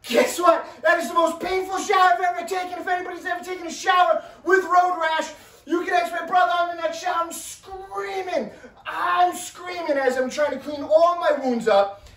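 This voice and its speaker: A man telling a story in a casual, animated way, with loud bursts and a habit of asking "right?". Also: extremely high pitch, fairly quick. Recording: roomy, mic at a distance.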